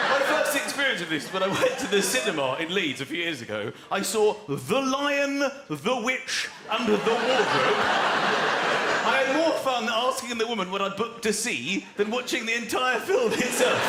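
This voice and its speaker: A lively male comedian with a high voice performs stand-up in a large venue. He jumps between characters and impressions, and the room's echo blends with roaring audience laughter. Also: normal speed, heavy background noise. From southern England. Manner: animated, mimics people and plays with voices. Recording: echoey venue with loud crowd laughter.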